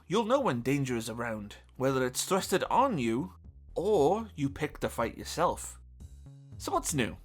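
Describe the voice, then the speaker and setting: A video game reviewer reading a scripted review voice-over with dry, wry humor. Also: medium pitch. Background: faint game music.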